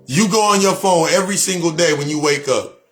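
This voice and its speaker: Blunt, preachy man speaking fairly high. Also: brisk, fairly bright tone. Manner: preachy, repetitive, blunt with profanity. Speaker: spiritual speaker. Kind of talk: motivational monologue.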